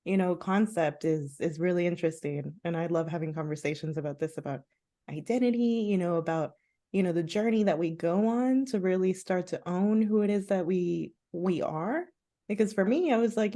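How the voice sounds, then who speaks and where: A woman's voice: fairly low pitch, moderate pace. A woman from the United States, hosting a podcast in a casual conversational chat, telling stories with lots of "like" and "you know". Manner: chatty, leans heavily on "like" and "you know", animated storytelling. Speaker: podcast host.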